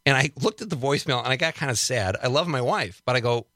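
A male radio host with a bright, forceful voice, talking casually and cracking jokes. His voice is recorded close and dry, with no room sound around it. He laughs often as he riffs on small complaints. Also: mid-range voice, lively intonation, fast, dry recording. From Wisconsin. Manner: chatty, joking, laughs often. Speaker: radio talk show host.

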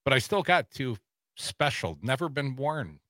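A man's voice: mid-range voice, big pitch swings, a little slow, fairly bright tone, no echo, studio quality. A man co-hosting a casual political talk radio show with wry, teasing banter. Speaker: radio co-host.

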